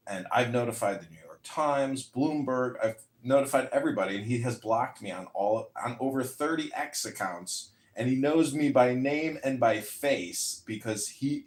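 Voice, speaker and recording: A man's voice: medium pitch, animated, moderate pace, hardly any pauses, reverberant. A man talking boastfully and at length in a casual audio chat room. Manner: boastful, rambling.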